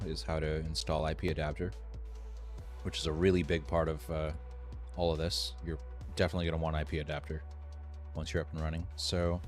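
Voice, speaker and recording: A man teaching a live screen-share tutorial, thinking aloud in a relaxed way with ums and restarts. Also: low voice. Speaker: streamer teaching AI animation. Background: faint music.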